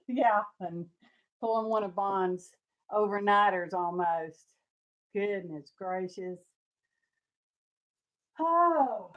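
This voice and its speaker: A woman's voice: medium pitch, expressive, extremely slow, long pauses, highs cut off. A woman hosting a crafting livestream, chatty and folksy, sounding sleepy and tired while she greets viewers by name. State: sleepy, yawning. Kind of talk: casual livestream chat. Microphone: camera mic.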